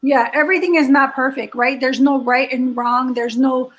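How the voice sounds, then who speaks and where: A woman's voice: high-pitched, fairly even intonation, normal speed, low-quality recording. A woman co-hosting a podcast in casual chat, speaking earnestly and reflectively with occasional jokes. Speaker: podcast co-host.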